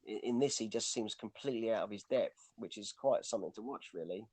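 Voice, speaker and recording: A man's voice: fairly low pitch, a little fast, darkish tone, husky, dry recording. A man co-hosting a casual film chat, rambling with many restarts and fillers. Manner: rambling, lots of restarts and "you know". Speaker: podcast co-host.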